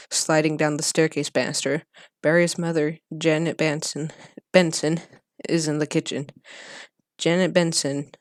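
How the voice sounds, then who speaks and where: A channel host reading a film script aloud in a deadpan monotone, stumbling over words and losing their place. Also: mid-range voice, no room sound, studio quality.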